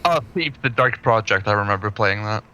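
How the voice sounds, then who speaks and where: A man's voice: on the low side, animated, fairly quick, lo-fi sound, background noise. A young man on a game stream, making wry, teasing remarks. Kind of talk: casual stream chat.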